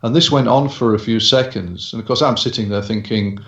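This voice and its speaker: Gravelly hypnotherapist guy, measured, lots of ums, echoey muffled audio. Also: on the low side, a bit bright. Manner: measured, with frequent hesitations. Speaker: hypnotherapist guest. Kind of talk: interview storytelling.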